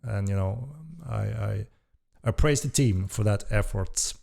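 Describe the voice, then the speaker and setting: A man hosting a casual live-stream Q&A as a game developer, reading chat questions aloud with relaxed, hesitant speech and casual swearing. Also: on the low side, unhurried, vocal fry.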